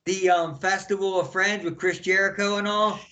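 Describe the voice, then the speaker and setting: A man being interviewed, telling animated stories and acting out what others said, with shouts and laughter. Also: sits high, moderate pace. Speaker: interview guest. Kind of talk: animated storytelling in conversation.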